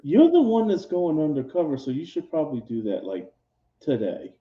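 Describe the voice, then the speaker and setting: A man playing a brisk squad commander. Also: on the high side, huge pitch swings, reverberant, dull audio, pitched above the performer's own voice. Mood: rallying.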